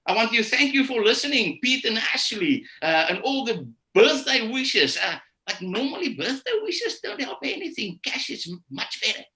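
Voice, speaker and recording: A man giving a motivational talk to teachers, repeating his key phrases and slowing down to stress them. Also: very high-pitched, sing-song, sharp tone. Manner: preachy, repeats key phrases, slows down for emphasis. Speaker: conference speaker. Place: live stream session.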